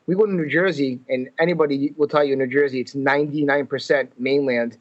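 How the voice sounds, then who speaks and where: A man's voice: on the high side, fast, few pauses, highs cut off. A man from Massachusetts, a comedian guest in a casual podcast chat, telling stories and acting out the quotes. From Fall River, Massachusetts. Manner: animated storyteller, acts out quotes.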